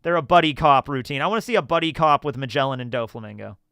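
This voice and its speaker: A man's voice: medium pitch, fast talker, creaky, clean tone, no echo, clean studio sound. A man chatting casually on a live stream, answering questions and telling rambling stories with laughs. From United States. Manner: rambling, animated storytelling with laughs.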